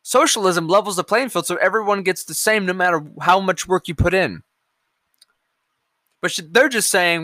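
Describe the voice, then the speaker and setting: A man's voice: sits high, normal speed, pushed and bright, dry recording. Sarcastic, profane male podcast host. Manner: sarcastic, profane, rambling with hummed filler. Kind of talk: casual political rant.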